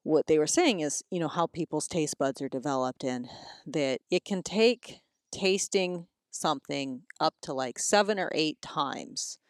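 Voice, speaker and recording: A woman in her thirties chatting casually about parenting, telling lively stories and acting out her kids' voices. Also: low-pitched, unhurried, no room sound, clean studio sound. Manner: animated storyteller, acts out kids' voices. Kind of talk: casual chat.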